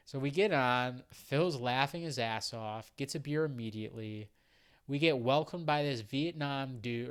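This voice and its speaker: A young man recounts a travel mishap in a loose, profane, rambling way, dropping fillers as he goes. His mid-pitched voice is smooth and resonant. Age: young adult. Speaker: travel storyteller. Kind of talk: casual anecdote.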